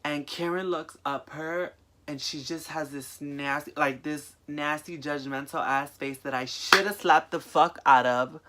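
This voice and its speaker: A young man telling a story in a casual, profane and animated way, ranting as he goes. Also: a little high, measured pace. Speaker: vlogger.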